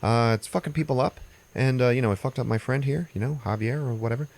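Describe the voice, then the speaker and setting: This is a snooty, fussy little venue manager, put on by a man recapping a film. He talks in a casual, offhand way and sprinkles in swearing, in a voice pitched well above the speaker's usual deep tone. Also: fast talker, creaky, darkish tone, lightly acted. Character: hoity-toity little male venue manager. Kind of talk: retelling a movie scene.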